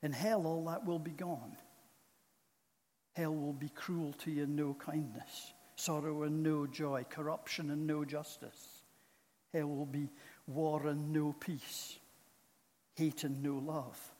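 A man preaching a sermon in a church, speaking in a slow, solemn and earnest way. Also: fairly high pitch, darkish tone. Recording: long reverb of a large hall.

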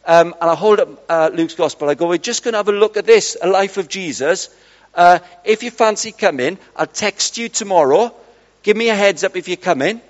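A middle-aged man preaching, telling lively stories and acting out conversations with his mates. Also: high voice, a little fast. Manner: lively, chatty, acts out dialogue with friends. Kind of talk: storytelling sermon. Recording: dull sound in a large reverberant hall.

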